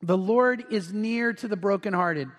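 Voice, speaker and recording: Middle-aged male pastor, high-pitched and earnest, preaching in a big church with long reverb. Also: measured pace. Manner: earnest, swells louder on emphatic points. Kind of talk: sermon. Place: large church sanctuary.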